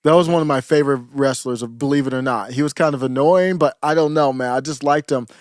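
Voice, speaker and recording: A man's voice: mid-range voice, fast talker, no room sound, studio quality. A man co-hosting a podcast, chatting casually and nostalgically, often trailing off and restarting his sentences. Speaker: podcast co-host. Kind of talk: casual chat.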